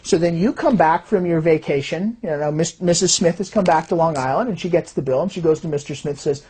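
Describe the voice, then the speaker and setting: Husky-voiced woman giving a lively explanatory talk and acting out the voices she quotes. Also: lowish voice, fairly quick. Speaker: fraud detection systems designer.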